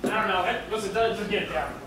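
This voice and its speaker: A man's voice: high-pitched, fast. Man playing a bumbling folksy farmer. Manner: hesitant, rambling, folksy. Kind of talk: live improv comedy. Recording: echoey room, far mic, loud noise.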